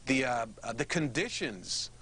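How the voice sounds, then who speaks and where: A bright, forceful-toned man appearing as a guest on a political show. He chooses his words carefully and often pauses on fillers as he builds his case. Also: medium pitch, sing-song, slightly rough. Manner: measured, full of hesitations and fillers. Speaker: ambassador, studio guest. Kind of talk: political interview.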